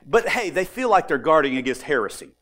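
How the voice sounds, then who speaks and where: A man preaching a sermon, animated, and acting out the voices of people he quotes. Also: on the high side, a little fast. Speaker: pastor.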